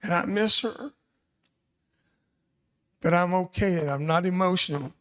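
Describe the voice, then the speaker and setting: An older man in his seventies with a slightly high-pitched voice speaks to students in a school hall. He tells stories as a veteran guest and keeps slipping in self-deprecating jokes. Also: unhurried, a bit bright. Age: 70s. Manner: joking, self-deprecating storyteller. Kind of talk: storytelling speech to students.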